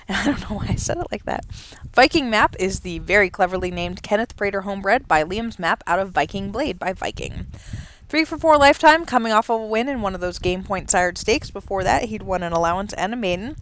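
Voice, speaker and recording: A woman calling simulated horse races from home, excited during the race and chatty and rambling between races. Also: medium pitch, fairly quick, slight background noise. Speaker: race caller and host of a horse racing simulation show. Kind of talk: horse race commentary and casual chat. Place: home, with a dog nearby.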